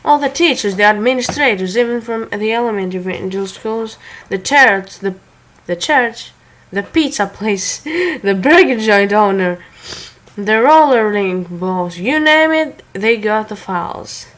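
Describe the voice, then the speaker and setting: A woman reads a revenge story aloud in an unhurried, slow way. She trips over words, backs up to correct herself and drops offhand joking asides between passages. Her pitch sits in the middle for a woman. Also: a bit bright, low-quality recording. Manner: stumbling, self-correcting, laughing asides. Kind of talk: casual story reading with asides.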